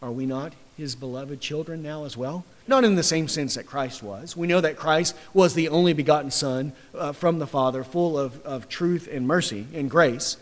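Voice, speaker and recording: A man preaching a sermon, swinging between loud, rising questions and quiet, low passages. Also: moderate pace, few pauses, long reverb tail. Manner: impassioned, rising to loud mocking questions then dropping soft.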